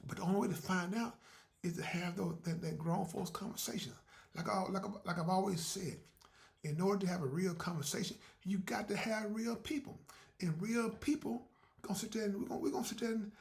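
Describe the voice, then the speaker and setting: Man, fairly high voice, folksy casual monologue, repeats himself, podcast host. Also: fairly even intonation, a little fast, creaky. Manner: folksy, repeats words, acts out little dialogues.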